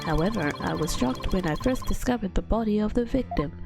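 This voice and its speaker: A woman voicing a terse masked male bomb expert who talks through typed synthesized speech, in clipped, flat phrases, with game music behind. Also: mid-range voice, brisk, creaky. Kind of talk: reading game dialogue aloud on stream.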